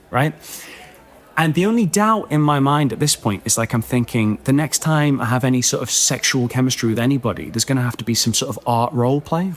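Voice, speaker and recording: A man telling a comic story on a podcast, animated and self-mocking, with many chatty asides. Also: on the high side, quick pace.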